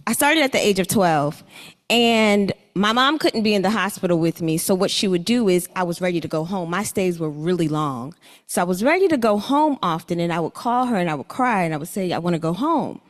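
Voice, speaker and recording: A young woman telling her own story at a conference, earnest and a little halting. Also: on the low side. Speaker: summit speaker. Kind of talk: personal talk at a conference. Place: conference hall. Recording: long hall reverb.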